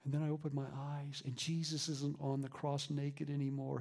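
A man preaching a sermon as a pastor, moving between lively emphasis and hushed whispers. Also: mid-range voice, normal speed, few pauses, slightly rough. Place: church.

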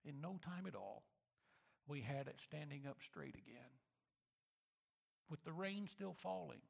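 A man speaking to his church, telling a personal story in a reflective manner that slows and softens for emphasis. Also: on the high side, lively intonation, vocal fry. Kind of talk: storytelling sermon.

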